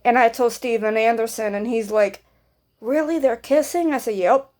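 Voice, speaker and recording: A woman's voice: on the high side, moderate pace, a little mellow. A woman vlogger telling a rambling personal story in casual speech, swearing freely and acting out what people said.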